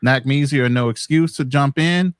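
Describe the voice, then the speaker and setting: A man's voice: medium pitch, moderate pace, clean tone, no echo, clean studio sound. Firm man moderating a livestream debate.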